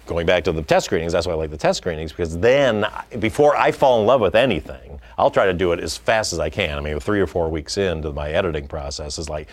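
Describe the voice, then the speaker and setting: A man's voice: sits low, fast talker, few pauses. A middle-aged man, a film director, talking casually in an interview and acting out quotes as he tells stories. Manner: animated storytelling, acting out quotes. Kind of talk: conversational interview.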